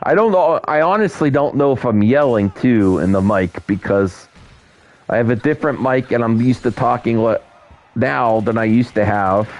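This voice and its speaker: Guy on a headset rambling to his stream chat while gaming, lots of restarts, mid pitch. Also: normal speed.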